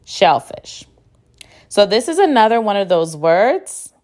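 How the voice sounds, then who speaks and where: A woman teacher giving a phonics spelling lesson, speaking slowly and deliberately and spelling words out letter by letter. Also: medium pitch, very animated, a little mellow. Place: classroom.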